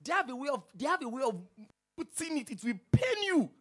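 A pastor preaching a sermon, firing rhetorical questions and swinging from hushed asides to loud bursts. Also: sits high, sing-song, brisk.

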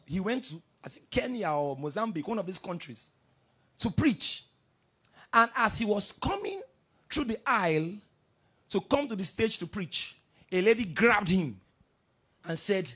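A male pastor preaching a sermon, telling stories with energy and swinging between soft asides and loud declarations. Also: sits high, lively intonation, normal speed, pauses often, breathy edge.

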